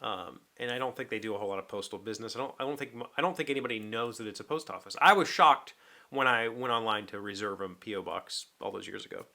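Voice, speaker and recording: Man, middle-aged, casual storytelling host, acts out both voices of a call, bright tense tone. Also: on the low side, fast, vocal fry. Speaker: vlog host. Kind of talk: casual chat to camera.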